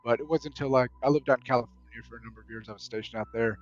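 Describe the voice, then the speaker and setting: A man from the American South with a Southern accent, chatting as a guest in a relaxed, rambling way, on a slightly dull recording. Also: mid-range voice, racing. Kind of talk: casual chat.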